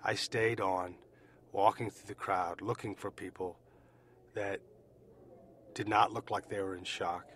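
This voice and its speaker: A man from the United States tells his story as an eyewitness, with a lowish voice. He speaks deliberately and leans on repeated phrases for emphasis. A faint hum sits behind him. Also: fairly even intonation, a bit bright. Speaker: eyewitness survivor. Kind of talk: personal testimony.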